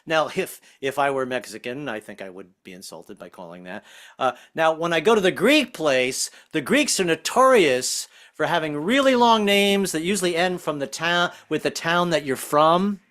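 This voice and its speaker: A man's voice: a little high, lively intonation, normal speed, a bit bright. A man in his sixties doing a jokey stand-up comedy set over a video call, slipping into silly voices. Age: 60s. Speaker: stand-up comic.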